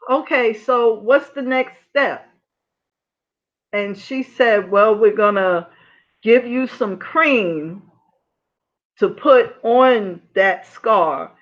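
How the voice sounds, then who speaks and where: A woman's voice: medium pitch, a bit bright. A woman vlogger telling a personal story to her viewers in her apartment, chatty and often checking in with them, acting out past conversations. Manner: chatty, asks viewers "you know?" often; acts out past dialogue in her own voice. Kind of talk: casual storytelling to live viewers. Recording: dull lo-fi sound.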